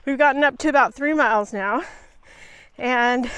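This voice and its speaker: A woman's voice: sits high, normal speed, fairly bright tone, clear, resonant tone, no echo, dull audio. A woman chatting casually and upbeat while out hiking on a mountain trail, filming herself on a small handheld camera. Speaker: vlogger.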